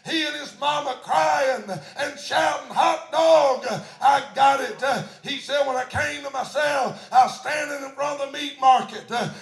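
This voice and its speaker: A pastor with a very high voice tells a story from the pulpit. He shouts his refrains and peppers his sentences with "uh". His voice rings out through a roomy, echoing church. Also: moderate pace, creaky, hardly any pauses, faint music behind. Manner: animated preaching, shouting refrains, many "uh" fillers. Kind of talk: storytelling sermon.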